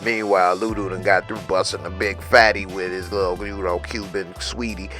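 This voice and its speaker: A man's voice: low voice, moderate pace, faint music behind. A man giving a casual, slangy recap of a TV episode and quoting the characters as he goes. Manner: slangy, lively retelling with quoted lines. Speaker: TV recap reviewer.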